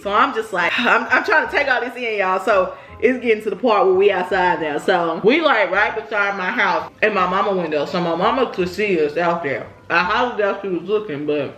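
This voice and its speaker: A woman's voice: medium pitch, fairly quick, hardly any pauses, fairly bright tone, soft background music. A young woman telling a rambling story to her viewers in a casual vlog. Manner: chatty, rambling, addresses viewers directly. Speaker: vlogger. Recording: roomy echo.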